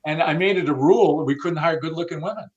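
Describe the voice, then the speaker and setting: The sound is lo-fi as a fast-talking man with a voice on the high side is interviewed about the car audio industry. He speaks bluntly and casually, curses at times and acts out the dialogue of people he quotes.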